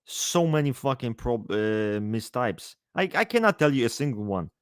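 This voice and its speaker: A man chatting casually on a live stream, answering his chat in a profane, rambling, animated way. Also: mid-range voice, normal speed, smooth, no room sound, clean studio sound.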